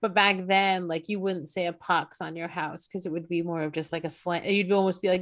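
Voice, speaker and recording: A woman's voice: on the low side, a little fast, hardly any pauses. A woman co-hosting a podcast in casual chat, swearing freely and acting out quoted lines. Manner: profane, animated, acts out quoted lines. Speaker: podcast co-host.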